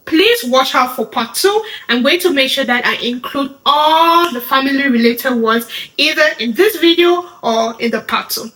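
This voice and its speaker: Bright, upbeat woman teaching signs. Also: high voice, rough recording. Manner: upbeat, repeats each word slowly while demonstrating. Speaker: sign language teacher. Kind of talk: instructional video lesson.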